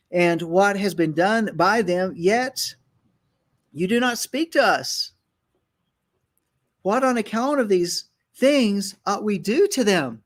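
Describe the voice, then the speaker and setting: A man hosting a Bible teaching show, thinking aloud with many fillers and restarts and reading scripture aloud. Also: sits high. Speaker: ministry host and Bible teacher. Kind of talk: conversational Bible teaching on a broadcast.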